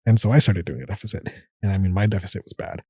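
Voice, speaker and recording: A man's voice: low voice, fast, dark tone, husky, no echo. A man in his thirties, a medical fellow and podcast guest, telling his story in a casual interview and acting out his own past thoughts.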